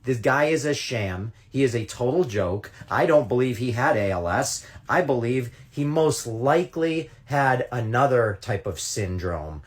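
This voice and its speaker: A man delivering a combative monologue to his followers, heavy on sarcasm and indignation. His pitch sits in an ordinary middle range for a man. He speaks straight to the camera like a social media creator venting. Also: lively intonation, unhurried, few pauses, breathy edge. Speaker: content creator. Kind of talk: ranting direct-to-camera monologue.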